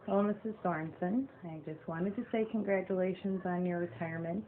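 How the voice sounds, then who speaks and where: A woman's voice: lowish voice, fairly even intonation, slight background noise. Sincere young woman on a tinny phone recording. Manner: sincere, halting, thoughtful. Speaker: former student, now a teacher. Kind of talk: recorded video tribute.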